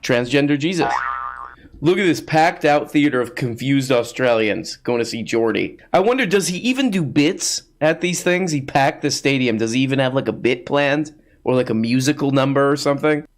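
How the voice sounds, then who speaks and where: A man's voice: medium pitch, lively intonation, normal speed. Sarcastic man riffing casually. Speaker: podcast host. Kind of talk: casual comedic commentary.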